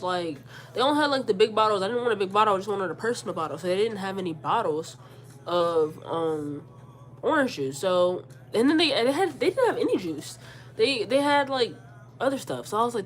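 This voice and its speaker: This vlogger, a stuffed-up woman in her forties, speaks briskly at a medium pitch with a little noise in the background. Sick and congested, she relives an argument for her storytime vlog, voicing her own lines and her mother's and repeating words as she goes.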